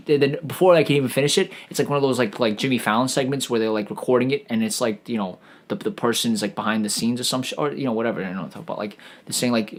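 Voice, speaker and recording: A man's voice: mid-range voice, rapid-fire. A man streaming a rambling, profane comedic rant, full of stammered restarts and swearing.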